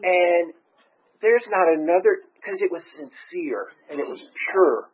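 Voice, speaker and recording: A man's voice: high voice, expressive, unhurried, a little hiss or hum. A man telling a personal story in a chatty, rambling way, often breaking into laughter. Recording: muffled lo-fi recording.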